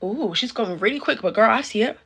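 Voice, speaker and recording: A young woman riffing through a reaction video, with a bright, forceful voice. She is sassy and quick to exclaim, and talks to her viewers like friends. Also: a little high, lively intonation, slight background noise. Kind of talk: casual reaction commentary.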